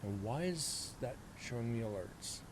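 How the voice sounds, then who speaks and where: A man in his forties hosts a paranormal live stream, talking straight to his viewers in a rambling, self-mocking way. His voice sits in a middle register, picked up on a desk mic with a steady wash of background noise behind it. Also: medium pitch, a little slow. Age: 40s. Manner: rambling, self-mocking, talks to chat directly. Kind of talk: casual live-stream chat.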